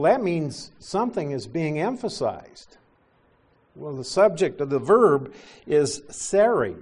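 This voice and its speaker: A middle-aged male pastor teaching a sermon, explaining scripture with gentle asides. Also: medium pitch.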